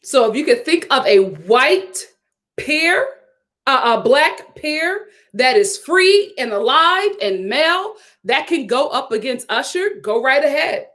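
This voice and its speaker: A young Philadelphia woman hosts a live stream, reading out viewer comments with sassy, animated banter and lots of laughter. Her voice is high and she takes her time.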